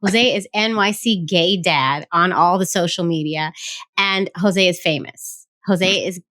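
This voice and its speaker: A woman hosting a podcast in a casual, playful way, joking at her own expense and chatting warmly with her guest. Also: lowish voice, unhurried. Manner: playful, self-mocking, chatty. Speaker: podcast host.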